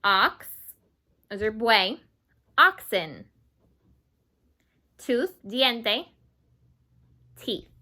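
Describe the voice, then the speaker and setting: Slow, patient woman teaching grammar. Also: fairly high pitch, sing-song, bright, forceful tone. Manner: slow, patient, repeats words for students; slips into Spanish glosses. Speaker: English teacher. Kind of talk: grammar lesson for Spanish-speaking kids.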